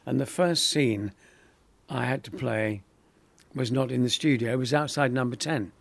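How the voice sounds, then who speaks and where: An older actor telling lively anecdotes in an interview, acting out other people's lines and laughing often. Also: male voice, medium pitch, normal speed, creaky, no room sound. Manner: animated storyteller, acts out quoted voices, laughs often. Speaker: actor guest.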